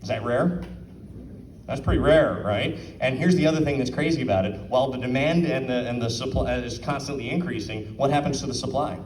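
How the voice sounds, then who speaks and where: At an art auction, a man gives a casual, chatty talk to a live audience, asking them questions and acting out quotes. His voice is medium-pitched, fairly quick and a little mellow. He's far from the mic, so the room sounds roomy, with a little hiss or hum.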